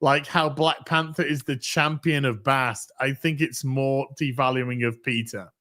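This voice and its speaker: A man's voice: medium pitch, steady tone, a little slow, bright, forceful tone. A man hosting a casual show, reading viewer messages in a dry, offhand way. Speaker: podcast host reading donations. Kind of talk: casual chat.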